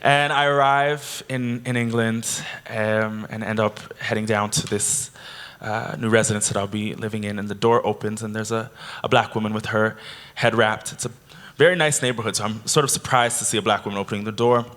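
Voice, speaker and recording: A man's voice: lowish voice, brisk, hardly any pauses. Man telling a story at a keynote. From Canada. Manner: animated storyteller. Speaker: keynote speaker. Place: convention hall.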